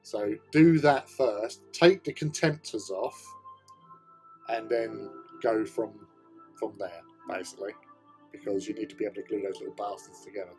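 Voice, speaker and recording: A man's voice: lowish voice, normal speed, darkish tone, faint music behind. A man hosting a casual hobby livestream, chatting while he paints miniatures, joking and laughing often as he greets viewers. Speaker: livestream host.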